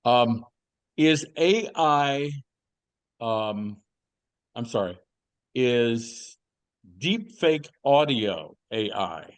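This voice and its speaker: A man's voice: medium pitch, animated, drawn-out words, long pauses, clear, resonant tone, no echo. A man co-hosting a podcast, chatting casually and telling rambling stories with plenty of fillers and restarts. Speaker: podcast co-host. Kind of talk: casual chat.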